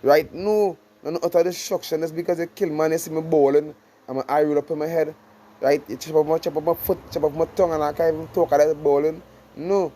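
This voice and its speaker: A man giving an informal scripture study sermon, reading verses slowly, then explaining in loose, repeated phrases. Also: on the high side, fairly even intonation, dark tone, slight background noise, low-quality recording. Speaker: scripture teacher.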